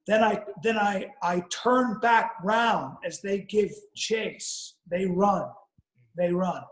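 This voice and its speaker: A man's voice: sits high, slow pace, echoey room, poor audio. A man telling a rambling, profane comic story on a podcast, with frequent restarts. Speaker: podcast guest or co-host.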